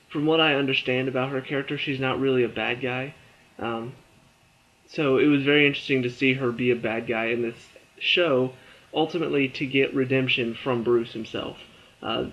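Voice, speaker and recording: A worn-out man talks through a TV episode review in a loose, rambling way, with many "um"s and restarts. His voice sits at an ordinary middle pitch. The recording sounds dull and a little lo-fi. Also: fairly bright tone. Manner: rambling, filler-heavy, frequent restarts. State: tired. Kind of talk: casual spoken review.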